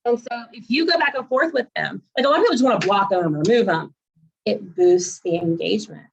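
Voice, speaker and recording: She works as a realtor and posts online, and here she tells stories in a casual chat, acting out the quoted dialogue. Her voice is mid-range and gravelly, a little fast, and the recording quality is low.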